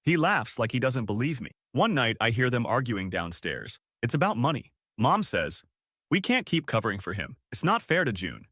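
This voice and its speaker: A man's voice: mid-range voice, sing-song, moderate pace, a bit bright, no room sound. Guy telling a reddit-style story, casual matter-of-fact, voice moves up and down a lot, dry close sound. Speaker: story narrator. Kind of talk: first-person story narration.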